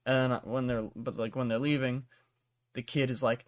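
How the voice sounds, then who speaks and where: A man's voice: medium pitch, level tone, normal speed, no room sound, clean studio sound. A man hosting a podcast, rambling through a casual plot recap full of swearing and fillers. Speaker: podcast host. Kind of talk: casual chat.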